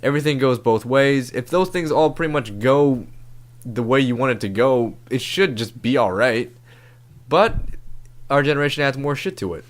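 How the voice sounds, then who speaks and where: A man's voice: mid-range voice, animated, normal speed. Laid-back cursing podcast host, a man. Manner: casual, profane, laid-back. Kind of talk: comedic podcast advice.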